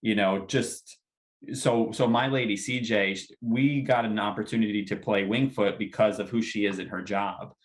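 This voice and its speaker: A man with a somewhat low voice hosts a podcast interview. He asks long questions and hesitates often, with many fillers and restarts. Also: steady tone, moderate pace. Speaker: podcast host.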